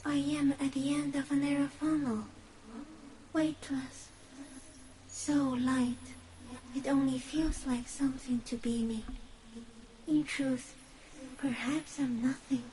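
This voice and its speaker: An eerie, ancient female insect creature speaks in a high, airy voice. Her phrases drift slowly and softly, otherworldly and strange, as a video game creature. A faint hiss lingers under her. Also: fairly even intonation, rough recording. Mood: dreamy. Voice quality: soft, drifting, often breathy. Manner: slow, otherworldly, halting phrases.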